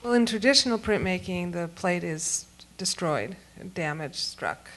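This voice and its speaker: A woman's voice: on the low side, lively intonation, unhurried, few pauses, a little hiss or hum. A woman on a museum panel, explaining points and asking follow-up questions. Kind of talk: panel discussion.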